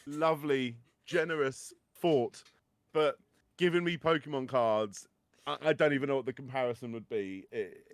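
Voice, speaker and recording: A man's voice: mid-range voice, moderate pace, dry recording. Man, middle-aged podcast host, dry sound, stammering, wry. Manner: stammering restarts, dry joking. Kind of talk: casual chat.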